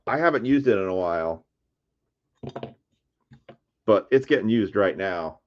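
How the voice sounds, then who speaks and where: Card break host, male, low voice that swings wildly, excitable, muffled lo-fi stream sound. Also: measured pace, pauses often. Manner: excitable, shouts over big pulls; chatty, reads player names aloud. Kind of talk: live card break commentary.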